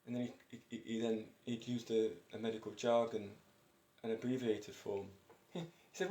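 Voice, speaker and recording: A man's voice: on the low side, level tone, normal speed, dark tone. Breathless man in his fifties. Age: 50s. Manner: rambling, chatty, self-described eccentric, chuckles often. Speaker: vlogger. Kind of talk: casual personal monologue. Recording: roomy echo.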